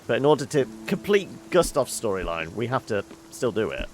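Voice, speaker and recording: Lively man musing through a game. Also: medium pitch, a little fast, slight background noise. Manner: musing aloud, thinking through game puzzles. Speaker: let's-play host. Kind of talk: casual gameplay commentary.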